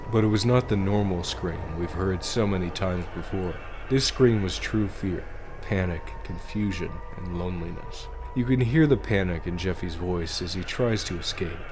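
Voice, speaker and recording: A man narrating a creepy story in a measured, dramatic storytelling voice. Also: low-pitched, background noise. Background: background music.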